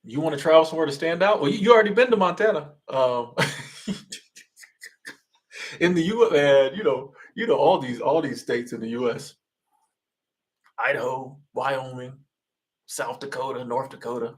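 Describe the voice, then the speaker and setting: A man's voice: mid-range voice, measured pace, pauses often. A man from Florida, hosting a casual livestream and answering chat in a loose, rambling way full of restarts.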